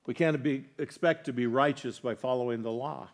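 During his sermon, a pastor asks his congregation earnest questions, alternating between quiet, gentle lines and loud, forceful ones. He speaks at normal speed in a mid-range voice.

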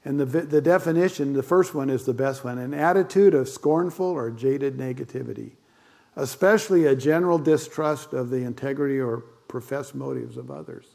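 A man's voice: medium pitch, moderate pace, creaky, a little mellow. An older man with grandchildren, a pastor giving a conversational sermon full of fillers and asides.

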